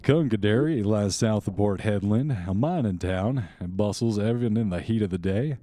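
Low-voiced man narrating a tabletop game. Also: mellow, a little hiss or hum. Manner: unhurried descriptive narration, reading off long lists. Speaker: game master.

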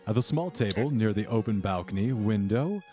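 Low-voiced man narrating a tabletop game. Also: lively intonation, dark tone, soft background music. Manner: measured, descriptive narration with slow dramatic pauses. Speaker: game master.

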